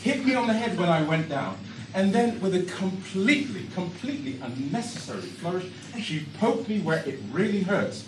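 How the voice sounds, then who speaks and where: A man telling a comic story on stage with animated, exaggerated delivery. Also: high voice, normal speed. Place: storytelling stage before a live audience. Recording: echoey hall from a far mic, audience noise.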